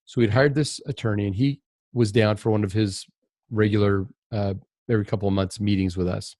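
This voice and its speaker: A man's voice: on the low side, steady tone, brisk, darkish tone, no room sound. A man on a podcast talking as a guest, earnest and reflective, often restarting his sentences as he tells a candid personal story.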